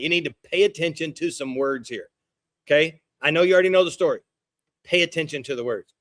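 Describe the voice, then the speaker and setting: A middle-aged pastor preaching a sermon, animated and conversational, slipping into quoted voices with gasps and hushed asides. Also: male voice, fairly high pitch, fast talker, dry recording, studio quality.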